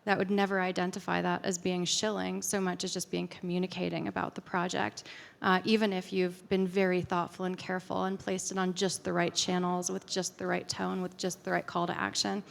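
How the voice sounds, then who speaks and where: A woman's voice: lowish voice, flat delivery, fairly quick, creaky. A woman speaker at a conference, answering audience questions in a casual, chatty way with lots of fillers. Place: conference hall. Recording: reverberant conference hall.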